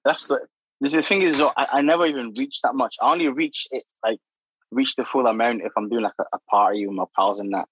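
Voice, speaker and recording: Podcast guest: young man, mid-pitch, dry close sound, animated storyteller. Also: fast talker, slightly rough, dry recording, poor audio. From Democratic Republic of Congo. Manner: animated, laughing, lots of filler and acted quotes. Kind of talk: casual storytelling.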